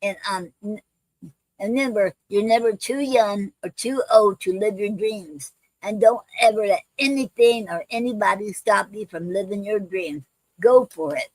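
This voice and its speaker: A woman's voice: medium pitch, dry recording, rough recording. Woman hosting a poetry stream, lots of ums and restarts, fond of her viewers, dry close sound. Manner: halting and repetitive, with many ums and restarts; affectionate toward viewers, calls them fam. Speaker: poetry livestream host. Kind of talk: casual livestream sign-off.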